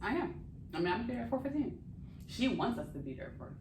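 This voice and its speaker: A young adult woman vlogger telling a travel story in casual chat, animated and swearing freely, recorded in a hotel room. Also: a little high, brisk, vocal fry, noisy background. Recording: echoey room, camera at a distance.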